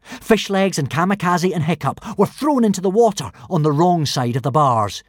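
A man narrating a children's adventure storybook in an expressive, animated reading style. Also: a little high, moderate pace, no echo, studio quality. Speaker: audiobook narrator.

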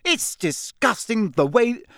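A man's voice: sits high, big pitch swings, slow, creaky, fairly bright tone, no echo, studio quality, pitched above the performer's own voice, full character voice. A man voicing an outspoken teenage girl who argues heatedly and insistently. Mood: furious.

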